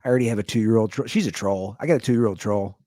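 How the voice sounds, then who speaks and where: A man in his thirties hosting his own comedy podcast, rambling through a monologue and jumping into high, incredulous exclamations. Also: quick pace, warm tone, dry recording, clean studio sound.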